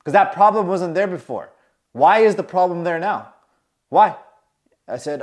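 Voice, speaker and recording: A man's voice: sits high, expressive, normal speed, darkish tone. A man coaching on confidence, telling a personal story and acting out his own anxious inner monologue, moving between tense mutters and emphatic bursts.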